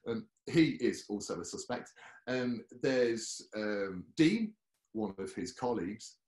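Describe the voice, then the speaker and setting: A British man, a solo comic and performer, explaining his show in a relaxed, rambling way with frequent ums. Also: fairly low pitch, slow pace. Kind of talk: casual talkback explaining a show. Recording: echoey room.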